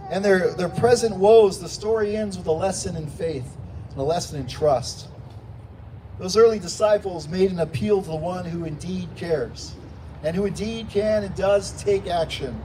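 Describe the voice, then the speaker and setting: Pastor preaching, high voice, distant mic. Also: male voice. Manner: animated, rising to shouts when quoting pleas. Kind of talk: sermon. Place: church sanctuary. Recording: distant mic with faint room noise.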